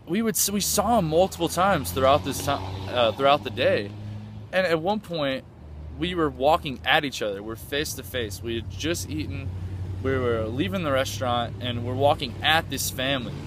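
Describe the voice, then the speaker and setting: With background noise behind him, a medium-pitched man from the United States recounts a trip enthusiastically. His casual storytelling rambles, with lots of fillers and restarts.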